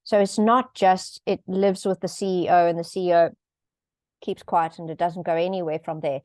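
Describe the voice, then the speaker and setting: A woman's voice: lowish voice, steady tone, normal speed, darkish tone, no room sound. A middle-aged woman explaining governance topics in a conversational way, with light laughs and frequent ums. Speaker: governance expert speaking on a panel. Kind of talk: conversational explanation in an online event.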